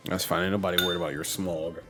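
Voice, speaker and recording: A man's voice: deep voice, level tone, rapid-fire, music in the background. A man streaming a game, chatting casually as he plays and talking to his team and viewers. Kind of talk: casual gameplay commentary.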